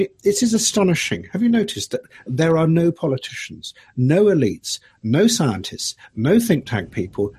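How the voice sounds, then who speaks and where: A man with a fairly high, darkish voice that has a breathy edge. He is a documentary filmmaker appearing as an interview guest, talking through his ideas in an animated way, musing and arguing with many restarts.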